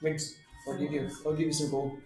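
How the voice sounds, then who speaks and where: A man's voice: a little high, completely flat delivery, brisk, dark tone. Hesitant man player, echoey room. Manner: hesitant, stumbling over questions. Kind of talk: casual tabletop game chat. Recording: echoey room with clear music.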